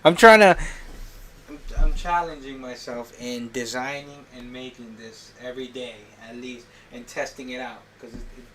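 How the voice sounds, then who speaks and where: A man's voice: mid-range voice, a bit bright, slight background noise. A middle-aged man streaming live, talking himself through each design step and teasing his child between tasks. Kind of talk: casual livestream chat while working.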